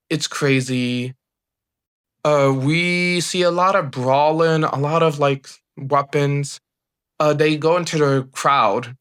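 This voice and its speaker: A man giving an excited, rambling recap of a wrestling event, filling it with "like" as he goes. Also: a little high. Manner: excited, rambling play-by-play with many "like"s. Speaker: wrestling reviewer. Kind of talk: casual recap.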